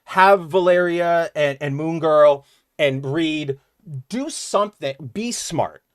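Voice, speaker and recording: A man talking with a slightly high voice in an easygoing, rambling way. He keeps losing his point and jumps into quick acted-out quotes. The recording is dry and close, with no room sound. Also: smooth, dry recording. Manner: rambling, loses his train of thought, acts out quotes. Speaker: podcast co-host. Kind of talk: casual chat.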